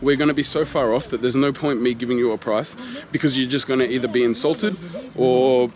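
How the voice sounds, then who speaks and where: A man's voice: mid-range voice, a little fast, crowd noise. Man in his thirties venting. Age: 30s. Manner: animated, exasperated retelling with quoted exchanges. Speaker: travel vlogger. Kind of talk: casual storytelling to camera. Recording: faint street noise behind.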